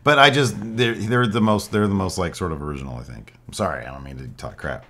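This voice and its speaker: A man's voice: deep voice, quick pace, a bit bright. A man co-hosting a podcast, telling rambling stories in a laid-back, casual way. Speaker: podcast co-host. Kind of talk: casual chat.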